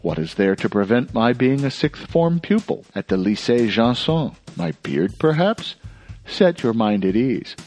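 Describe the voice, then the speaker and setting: A man reading an audiobook, voicing a clever young man who speaks softly, politely and playfully. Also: mid-range voice, big pitch swings, a little slow, soft background music.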